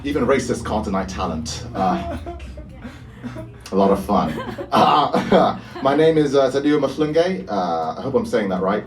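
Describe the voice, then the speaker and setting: A man's voice: mid-range voice, very animated, a little slow, far from the mic, faint music behind. A man, doing a live stand-up set with a dry, self-mocking delivery. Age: 20s. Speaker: stand-up comedian. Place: small bar venue with live audience.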